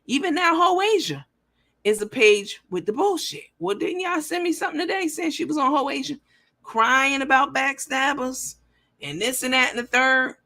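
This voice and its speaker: A woman's voice: high voice, moderate pace. A woman hosting a casual livestream who reads viewer comments aloud and talks in a blunt, profane, rambling way. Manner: animated and lively. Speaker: livestream show host.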